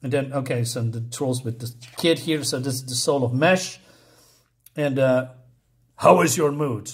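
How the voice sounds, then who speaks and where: A man's voice: mid-range voice, moderate pace. A man reviewing a comic book in casual talk, exasperated and sarcastic as he mocks the writing. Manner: exasperated and sarcastic, mocking the dialogue.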